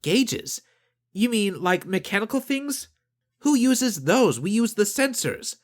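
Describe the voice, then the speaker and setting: A man voicing a blunt, skeptical young woman on a spaceship crew, pitching his voice up into a lighter register. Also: big pitch swings, slow pace, full character voice.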